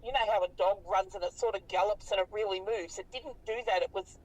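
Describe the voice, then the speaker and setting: Husky Australian woman recounting a sighting. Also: medium pitch, fast, far from the mic, dull audio. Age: 50s. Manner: animated, colloquial, swears freely. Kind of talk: casual storytelling interview.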